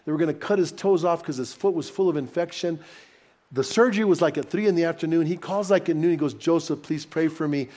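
A pastor in the middle of a sermon, his voice sitting a little higher than most men's. He tells stories to his congregation in an animated, personal way and builds them up with rising excitement. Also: fast. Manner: animated, personal anecdotes told warmly to a congregation. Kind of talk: sermon storytelling.

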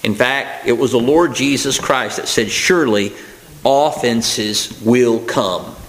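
A man's voice: medium pitch, slow pace, fairly bright tone, poor audio. A man preaching a sermon, his voice rising to emphatic preaching at key points, with fillers and restarts.

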